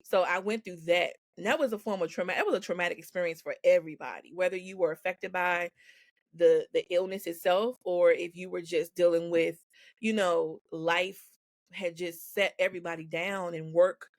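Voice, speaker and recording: A woman's voice: fairly low pitch, steady tone, moderate pace, no echo, clean studio sound. A woman guest on a podcast, speaking frankly and with animation, laughing often as she tells her story. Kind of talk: candid conversational storytelling. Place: podcast recording.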